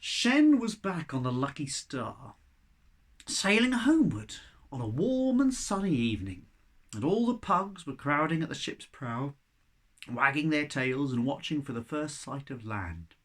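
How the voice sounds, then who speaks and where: Animated male storyteller reading aloud. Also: on the high side, measured pace. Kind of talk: reading a children's book aloud.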